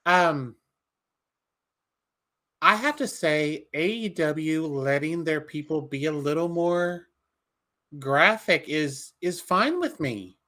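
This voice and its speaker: A man co-hosting a podcast, giving animated, opinionated wrestling takes and swearing freely. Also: on the high side, slow, pauses often. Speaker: podcast co-host. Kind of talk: casual wrestling recap chat.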